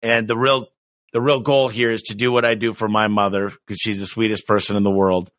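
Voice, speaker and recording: Bright, energetic American businessman. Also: fairly low pitch, fairly quick, no echo. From United States. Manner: energetic, enthusiastic, animated storyteller. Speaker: business owner, guest. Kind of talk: storytelling in a podcast interview.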